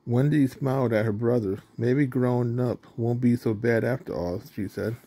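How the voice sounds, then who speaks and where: A man's voice: medium pitch, normal speed, dark tone, slight background noise. A man reading a children's storybook aloud in a plain way, now and then slipping on words and starting over. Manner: plain reading, with slips and restarts. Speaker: storybook reader.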